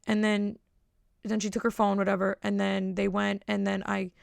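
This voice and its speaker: A woman's voice: medium pitch, monotone, normal speed, vocal fry, clear, resonant tone, no echo, clean studio sound. A woman hosting a podcast, telling a rambling, digressive story in casual monologue with wry asides. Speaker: podcast host.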